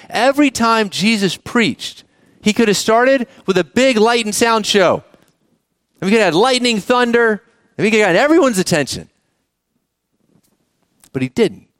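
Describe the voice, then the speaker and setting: A man's voice: high-pitched, no room sound. A man preaching a sermon as the church's pastor, talking conversationally and often asking the congregation questions.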